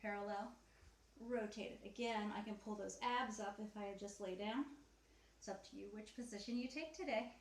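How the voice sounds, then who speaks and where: Here a Pilates instructor speaks in a mid-range voice at a normal speed, guiding a beginner mat workout from her home. She sounds a little out of breath as she counts reps and calls out moves, friendly and upbeat. Faint background noise sits in an echoey room.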